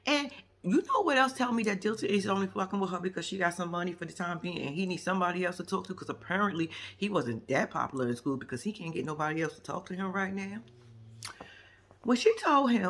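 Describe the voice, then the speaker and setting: Woman vlogger with AAVE speech, sassy recap talk, lively swooping pitch, slightly husky. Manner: sassy, animated storytelling with acted-out quotes and laughs. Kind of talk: casual reality show recap.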